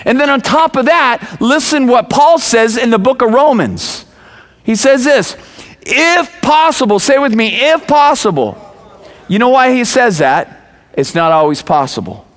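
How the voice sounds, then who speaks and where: A man in his forties, a pastor preaching a sermon, telling stories with lively acted-out voices and sudden raised words. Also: very high voice, moderate pace. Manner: animated storytelling, acts out quoted voices, bursts of raised voice.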